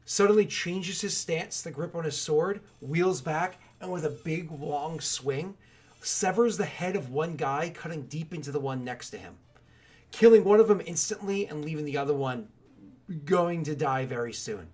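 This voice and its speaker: A man narrating a tabletop game as game master, telling the scene in an animated way with lots of loose filler words. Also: fairly high pitch, normal speed.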